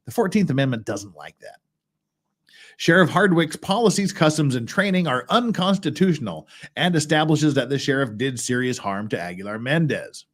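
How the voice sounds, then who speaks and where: A man's voice: medium pitch, expressive, moderate pace. A man hosting a casual live stream about legal cases, reading out documents and adding blunt, wry remarks in a rambling way. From United States. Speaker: legal commentary host. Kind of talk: casual livestream commentary.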